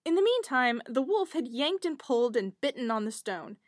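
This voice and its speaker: Brief: woman storyteller, high and very animated, dry close sound. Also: normal speed, dry recording. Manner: expressive, lively storytelling. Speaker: narrator. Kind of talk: storybook narration.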